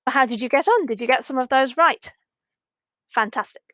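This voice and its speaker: A woman teaching a recorded primary language lesson, speaking slowly and clearly and repeating each sentence for young learners. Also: sits high, a bit bright, dry recording.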